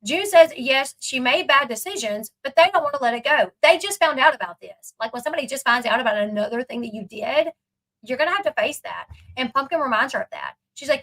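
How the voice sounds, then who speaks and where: A woman talks through a reality-show clip in a casual, chatty way. Her voice sits high, and she leans hard on her points with plenty of fillers. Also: animated, brisk, a bit bright, rough recording. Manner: chatty, emphatic, fillers and asides. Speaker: commentary channel host. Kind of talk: casual reaction commentary.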